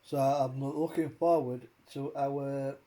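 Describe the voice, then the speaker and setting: A man's voice: medium pitch, steady tone, takes it slowly, warm tone. A man hosting a casual chat, rambling and swearing as he rants with many fillers. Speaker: host.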